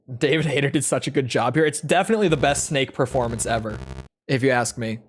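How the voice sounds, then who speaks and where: A woman's voice: extremely low pitch, fast talker, faint music behind. A woman streaming a game, chatting and reacting as she reads the dialogue aloud in casual commentary. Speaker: gaming streamer.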